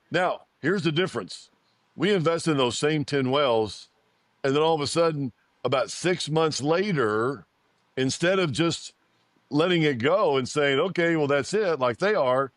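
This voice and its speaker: A man's voice: a little high, animated, normal speed, no echo. A man in his fifties, an oil and gas company founder, giving an interview and telling a story, repeating phrases and acting out quoted dialogue.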